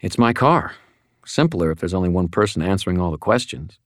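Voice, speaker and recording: A man's voice: sits low, lively intonation, fairly quick, dry recording. A man voicing a blunt, tough female police officer in an audiobook, curt and dry. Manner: curt, dry, raised and tighter than the narration. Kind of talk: audiobook character voice.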